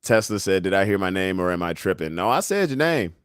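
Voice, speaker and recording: A man's voice: low voice, big pitch swings, brisk, clear, resonant tone, dry recording, clean studio sound. A young man hosting a casual livestream, reading the chat and memes aloud, joking and laughing often in a laid-back way. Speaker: livestream host.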